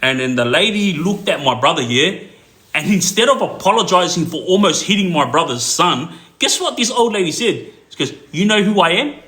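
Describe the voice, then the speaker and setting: A man telling a story casually, rambling with fillers and laughing along the way. His voice is bright and slightly high. The room adds a noticeable echo. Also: sing-song, normal speed. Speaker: storyteller, clips page host.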